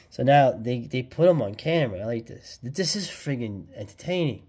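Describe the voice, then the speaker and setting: A man hosts a casual vlog in which he reviews an old comic book, chattering with excited slang and laughing frequently. His voice is husky, medium in pitch, at normal speed.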